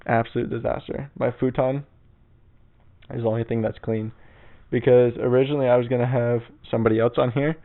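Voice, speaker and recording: A young man chats through a solo podcast from his bedroom, rambling and swearing in a laid-back way. His mid-pitched voice has a gravelly fry. The old mic gives the recording a tinny, phone-like narrowness. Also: flat delivery, brisk. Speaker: podcast host. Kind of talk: casual solo podcast storytelling. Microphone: old mic on a stand.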